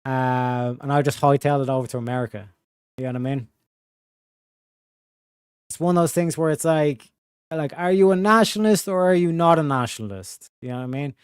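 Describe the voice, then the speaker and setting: A man's voice: on the high side, fairly quick, long pauses, smooth, dry recording, studio quality. Slangy male streamer. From Ireland. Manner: rambling, slangy, reads donations aloud. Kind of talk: casual live-stream commentary.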